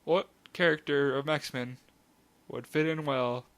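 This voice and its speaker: A man with a bright, forward voice hosts a laid-back podcast. He rambles through his thoughts and laughs often. His pitch sits in the middle range for a man. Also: steady tone, takes it slowly. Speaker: podcast host. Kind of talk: casual chat.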